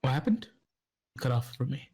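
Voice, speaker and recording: Male game master, halting narration with fillers, on a voice call. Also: mid-range voice, very animated, dark tone, breathy edge. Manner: halting, many fillers, laughs often.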